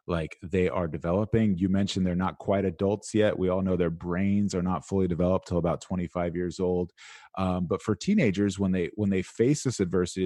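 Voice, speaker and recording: A man as an interview guest talking about teenagers, animated and conversational, peppered with "like" and "right?". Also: low-pitched, no room sound, clean studio sound. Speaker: guest, education speaker. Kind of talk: interview answers.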